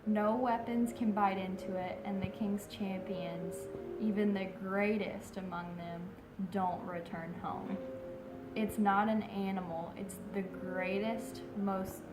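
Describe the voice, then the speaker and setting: A woman's voice: medium pitch, fairly even intonation, slow pace, reverberant, over loud music, close to an everyday voice, poor audio. A woman loosely voicing a solemn warrior man. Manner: casual, says "like", barely changes her voice.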